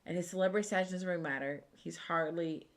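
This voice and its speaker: A woman's voice: fairly low pitch, fairly even intonation, quick pace. A woman co-hosting a casual true crime live stream, chatty and a little tipsy, reading viewer comments and sometimes dropping to a whisper. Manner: chatty, drops to whispers, slurs words a little.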